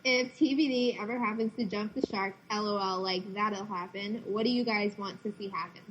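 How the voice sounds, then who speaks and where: A woman's voice: mid-range voice, fairly even intonation, normal speed, highs cut off, a little hiss or hum. A young woman hosting a casual podcast, giggling as she reads listener questions aloud over an online call. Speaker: podcast host.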